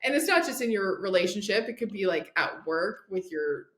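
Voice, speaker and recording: A woman's voice: mid-range voice, expressive, brisk, a bit bright, roomy sound. A woman guest on a podcast, an addiction and recovery coach, telling a story in casual chat and acting out the dialogue, with lots of "like" fillers.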